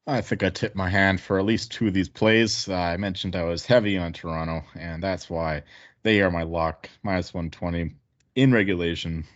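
Casual co-host, man, very low voice, dry dull recording. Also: fairly even intonation, moderate pace, dry recording. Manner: casual, rambling, full of ums and uhs. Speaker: podcast co-host. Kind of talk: sports betting podcast chat.

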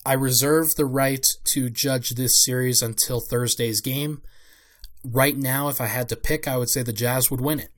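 A young man hosts a solo basketball podcast, breaking down a playoff series in a relaxed, unscripted way. His voice sits at an ordinary middle pitch, and he thinks aloud with plenty of fillers and self-corrections. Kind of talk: solo casual sports analysis.

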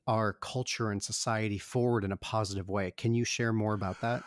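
A man's voice: fairly low pitch, steady tone, brisk, dry recording, studio quality. A man hosting an interview podcast, asking questions in a friendly, playful way. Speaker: podcast host. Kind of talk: casual interview chat.

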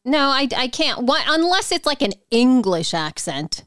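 Woman cohost rambling in casual chat, super clear voice, dry close mic. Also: high-pitched, big pitch swings, a little slow, a bit bright, no room sound. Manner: earnest, rambling, self-correcting. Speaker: podcast co-host.

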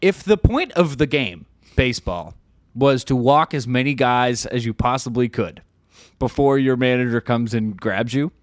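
A man's voice: mid-range voice, expressive, moderate pace, no echo, studio quality. A man co-hosting a casual sports podcast, easygoing, trading stats and jokes. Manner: easygoing, lots of fillers and restarts. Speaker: podcast co-host.

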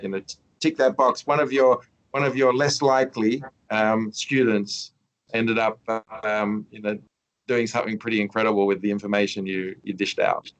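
A man hosting a podcast interview, talking in a rambling, halting way with many restarts. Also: on the low side, little pitch movement, poor audio. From Australia. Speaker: podcast host. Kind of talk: casual interview chat.

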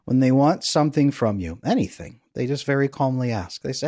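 Playful energetic man coaching on a podcast. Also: medium pitch, a little fast, few pauses, no echo, clean studio sound. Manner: energetic, playful, guides listener through an exercise. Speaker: podcast guest, attachment coach. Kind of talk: conversational interview.

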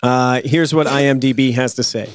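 A man's voice: medium pitch, fairly even intonation, moderate pace, clear, resonant tone, no room sound, studio quality. Playful man joking on a podcast. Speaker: podcast co-host. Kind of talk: casual podcast chat.

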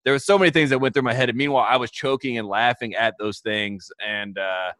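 A man's voice: mid-range voice, steady tone, quick pace, fairly bright tone, no room sound. A man co-hosting a podcast in casual chat, rambling through self-deprecating stories. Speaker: podcast co-host.

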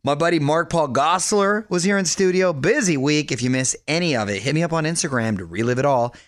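A man hosting a radio show in a studio, talking in an energetic, chatty way and laughing often. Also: a little high, quick pace, no echo. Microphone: studio microphone.

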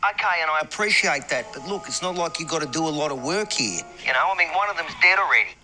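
An actor playing a stingy crime boss who haggles over a price on the phone. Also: male voice, a little high, lively intonation, fast talker, sharp tone, faint music behind. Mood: exasperated. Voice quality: exasperated wheedling bargainer. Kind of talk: TV drama dialogue.

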